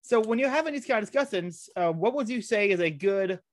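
A man hosts a casual chat, excitable and tripping over his own restarts. His voice sits fairly high for a man. The sound is close and dry, with no room around it. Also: no echo. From United States. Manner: excitable, quick restarts and stumbles. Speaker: podcast host. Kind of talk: casual conversational interview.

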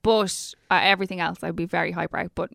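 A woman's voice: fairly low pitch, steady tone, fast, gravelly, fairly bright tone, no echo, clean studio sound. An Irish woman co-hosting a podcast, chatty and teasing in casual conversation. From Ireland. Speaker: podcast co-host. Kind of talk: casual chat.

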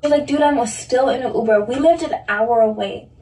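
A woman's voice: fairly high pitch, moderate pace, mellow. A young woman telling a story in casual chat, full of "like" and acting out the lines of others. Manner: chatty, full of "like", acting out quoted speech. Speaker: storyteller in played audio. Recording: echoey, distant recorded clip.

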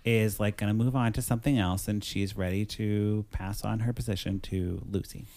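A man's voice: fairly low pitch, steady tone, moderate pace, darkish tone. A man hosting a podcast, recapping a film in a rambling, joking way and acting out its lines. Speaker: podcast host reviewing a film. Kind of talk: casual chat.

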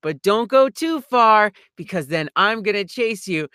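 A woman voicing a smug male pirate villain, gloating in a drawn-out, low mock-menacing way. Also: lively intonation, a bit bright, clean tone, no room sound, studio quality.

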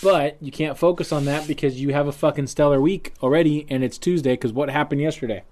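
A man's voice: a little high, fast talker, a little mellow. A man in casual chat, laid-back and encouraging, who mostly gives short replies and swears now and then.

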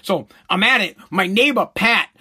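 A man's voice: high voice, moderate pace, breathy edge. A middle-aged man hosting a podcast, telling stories in a loose, profane monologue with frequent laughter. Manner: animated storytelling, laughs often, swears freely. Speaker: podcast host.

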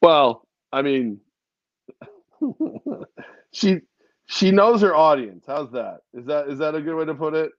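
A man's voice: on the high side, animated, slow, pauses often, no echo, muffled recording. A man co-hosting a podcast in casual chat, rambling through jokes and laughing often. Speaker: podcast co-host.

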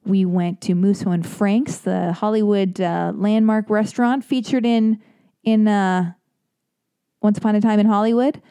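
Woman podcast host chatting loose and jokey, mellow warm voice, dry close sound. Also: medium pitch, steady tone, a little slow, clean tone, no room sound. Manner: rambling and self-deprecating, full of fillers and jokey asides. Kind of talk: casual personal monologue.

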